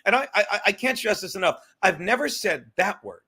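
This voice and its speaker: High, bright-voiced ranting male host. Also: expressive, husky. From New York. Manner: profane, joking, quick rants. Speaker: podcast host. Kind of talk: casual comedic chat.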